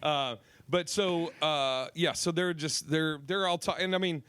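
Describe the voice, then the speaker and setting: A man's voice: fairly high pitch, unhurried, a bit bright, clean tone. A man hosting a comedy podcast, telling a club story in a rambling, profane way with many restarts. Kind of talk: casual storytelling chat.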